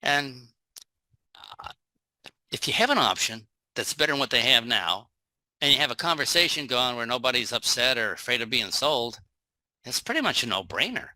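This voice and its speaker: A man's voice: mid-range voice, very animated, normal speed, pushed and bright, no echo. A man giving a live online sales training talk in a folksy, joking way, acting out little everyday scenes.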